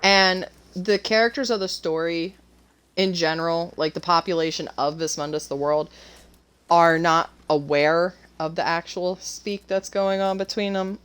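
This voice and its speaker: A woman with a lowish voice talks casually about her own story while playing a game. She is nervous and rambles, with plenty of fillers and restarts. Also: fairly even intonation, a little slow, a bit bright, smooth. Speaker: author and co-host. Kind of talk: casual chat while gaming.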